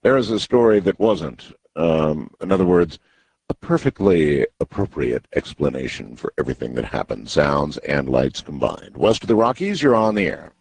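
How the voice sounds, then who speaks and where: Man, late-night call-in radio host, gravelly, very low voice, animated intonation. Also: slight background noise. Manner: deep, gravelly, drawn-out delivery. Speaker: radio talk show host. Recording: radio broadcast sound.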